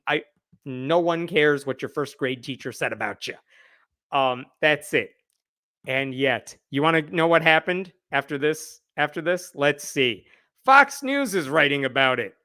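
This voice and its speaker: A man with a slightly high voice hosts a live news commentary show. He retells the story in a wry, animated way and acts out quotes as he goes. The sound is dry and close, with almost no room echo.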